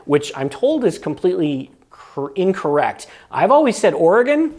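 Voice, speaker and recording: A man's voice: high-pitched, big pitch swings, moderate pace, few pauses, a little mellow. A man from New England hosting a vlog, explaining things to camera in a casual, good-humored and self-deprecating way. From New England, United States. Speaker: vlog host.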